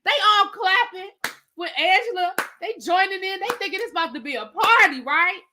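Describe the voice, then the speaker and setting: A woman's voice: very high voice, moderate pace, background noise. A woman reviewing a reality show in a casual, slangy recap, acting out what the cast said. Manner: animated storyteller acting out quotes, slangy asides.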